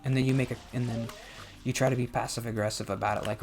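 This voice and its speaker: A young man with a gravelly, mid-pitched voice talks through his thoughts while playing a game. He rambles in a soft, self-reflective way and often laughs quietly. Game music plays clearly under his voice. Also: fairly even intonation, fairly quick, pauses often. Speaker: gaming vlogger.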